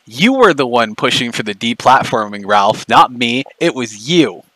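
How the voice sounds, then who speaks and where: A man's voice: mid-range voice, very animated, moderate pace, fairly bright tone, no echo, poor audio. A man ranting angrily on a livestream, profane, mocking and confrontational. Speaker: streamer. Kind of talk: angry livestream rant.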